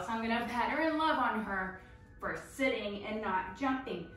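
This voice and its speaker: A woman dog trainer explaining a training session step by step in a chatty way, breaking into excited baby talk with the dog. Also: on the high side, normal speed, slight background noise. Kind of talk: instructional demonstration. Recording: very echoey room, voice from a distance.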